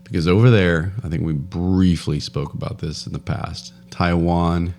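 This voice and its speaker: Deep-voiced man rambling through news. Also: fairly even intonation, moderate pace, darkish tone, slight background noise. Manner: rambling, laughs often, trails off mid-sentence. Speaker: podcast co-host. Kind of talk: casual news banter.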